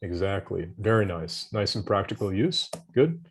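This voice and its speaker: A man's voice: low-pitched, expressive, normal speed, breathy edge. Encouraging male English tutor. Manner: encouraging, gives hints and praise. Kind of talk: online vocabulary lesson.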